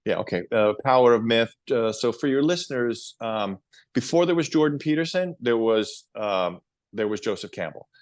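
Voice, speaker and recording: A middle-aged man, a podcast guest, telling long rambling stories in a casual, animated way. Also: mid-range voice, moderate pace, dry recording, clean studio sound. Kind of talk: casual interview storytelling.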